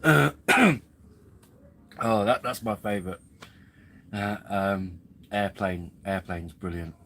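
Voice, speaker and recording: A man rambling through a casual live stream, slow and unhurried, and quick to chuckle. His voice sits a little low. Faint ambient noise hangs in the background. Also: a bit bright, poor audio. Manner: rambling, chuckling, easily amused. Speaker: camping livestream host. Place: outdoors at a campsite.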